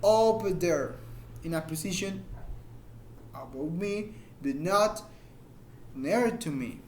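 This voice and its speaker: Man, high voice, informal English teacher, patient repeated examples, slight hiss. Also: lively intonation, darkish tone. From Mexico. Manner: explains slowly with repeated examples, searches for words. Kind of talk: informal grammar lesson.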